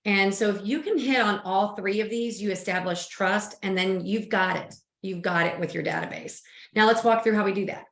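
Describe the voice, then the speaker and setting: A woman's voice: mid-range voice, moderate pace, creaky. Woman coach in an echoey room. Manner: conversational, direct, addresses audience. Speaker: coach, co-host. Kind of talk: coaching webinar talk. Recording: roomy echo.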